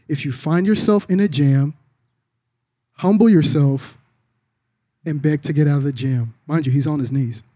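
A man preaching a sermon, telling a story with drops into a low, soft voice for quoted lines. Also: no echo, clean studio sound. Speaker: pastor.

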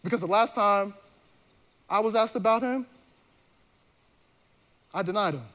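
High-voiced male pastor preaching casually. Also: measured pace, fairly bright tone. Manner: conversational and slangy, with many restarts. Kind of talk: sermon.

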